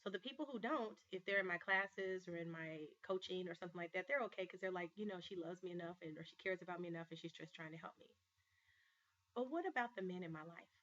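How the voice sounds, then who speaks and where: A woman with a bright, forceful voice tells a personal story in an earnest vlog monologue, pushing her words hard when she gets stirred. The audio is slightly dull and lo-fi, like a home webcam. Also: on the low side, quick pace. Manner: earnest, storytelling, emphatic with rising bursts. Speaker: life coach and show host.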